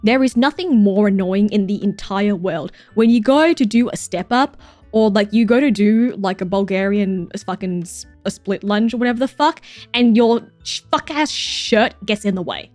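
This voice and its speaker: A woman's voice: medium pitch, moderate pace, darkish tone, dry recording, faint music behind. A woman in her thirties streaming, who reacts to viewer photos with gushing praise, swearing and mock-jealous outbursts. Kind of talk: casual livestream chat.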